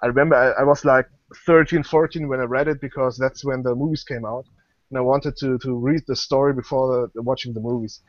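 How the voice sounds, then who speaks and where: A young man, German by first language, is interviewed casually online as a guest author, his brisk mid-range voice fairly even in intonation. The recording is dry and the video call audio dull; he hesitates a lot, restarting sentences and using many fillers.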